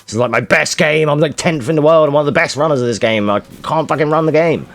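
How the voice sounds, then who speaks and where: A man giving frustrated, swear-heavy live commentary while speedrunning a game, muttering to himself and shouting at the game. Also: a little high, quick pace. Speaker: speedrunner streaming.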